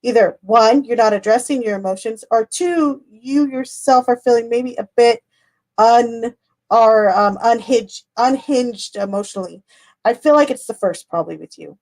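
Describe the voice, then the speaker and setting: A high-voiced woman reading tarot cards live for her viewers. She rambles in a loose, chatty way, laughing often and letting the odd swear slip. The tone stays casual and personal throughout. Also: normal speed, a little mellow. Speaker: tarot reader. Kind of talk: casual livestream chat.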